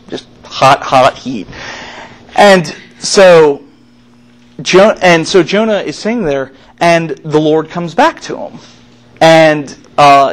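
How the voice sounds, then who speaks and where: A man's voice: on the high side, rough recording. A man giving a sermon as youth minister in a church, preaching in a casual, chatty way with plenty of fillers.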